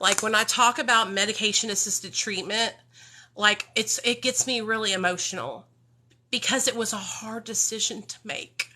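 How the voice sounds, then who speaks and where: A woman's voice: medium pitch, steady tone, moderate pace, sharp tone. A woman, talking emotionally and bluntly to her livestream viewers about recovery, swearing freely and calling them y'all. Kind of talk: emotional unscripted livestream talk.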